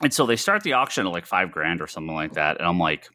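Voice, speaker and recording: A man co-hosting a casual podcast chat, telling an animated story with many restarts. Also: low-pitched, fast. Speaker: podcast co-host.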